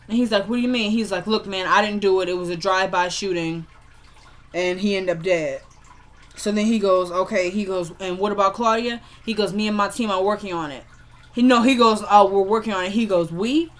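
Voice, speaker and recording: A woman's voice: medium pitch, a bit bright. A young woman casually recapping a TV episode, chatty and opinionated, retelling scenes by quoting the characters. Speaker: TV episode reviewer.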